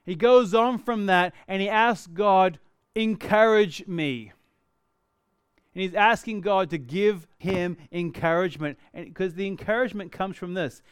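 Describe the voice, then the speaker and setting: A man preaching a sermon earnestly, moving between lively emphasis and quiet, reflective passages. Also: high-pitched, moderate pace, few pauses, clean tone, no room sound, clean studio sound.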